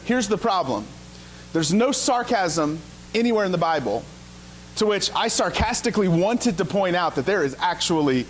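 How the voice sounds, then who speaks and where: Male pastor from Ohio, slightly higher voice, casual storyteller with a sarcastic streak. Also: slight background noise. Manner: casual, self-deprecating, sarcastic asides. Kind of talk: conversational sermon with storytelling. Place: church sanctuary.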